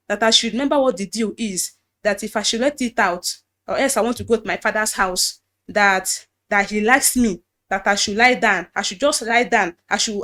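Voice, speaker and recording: Nigerian woman, Igbo native, personal testimony, halting restarts; fairly high voice. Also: a bit bright. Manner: halting, repeats and restarts phrases, quotes others' words. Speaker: guest telling her story.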